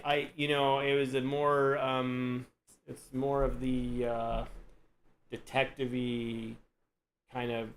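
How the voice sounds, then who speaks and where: A man's voice: mid-range voice, poor audio. Chill guy hosting a livestream, rambly and easygoing, slight hiss behind him. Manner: relaxed, rambling, says "you know" and "dude" a lot. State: yawning, tired. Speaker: host. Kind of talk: casual chat on a live stream.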